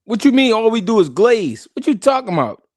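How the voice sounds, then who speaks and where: Male live streamer, high voice, animated slangy chat, dry close sound. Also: brisk, no echo.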